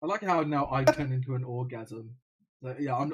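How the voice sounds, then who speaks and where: A man's voice: medium pitch, expressive, moderate pace. Crude man swearing freely. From United Kingdom. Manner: crude, swears a lot, mock outbursts. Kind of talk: casual gaming podcast chat.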